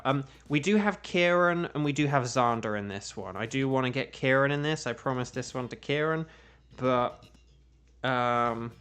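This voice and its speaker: A man's voice: medium pitch, a bit bright. Chatty man hosting a game stream. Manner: rambling and chatty, hums to himself between thoughts. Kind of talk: casual live-stream chat while playing. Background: faint background music.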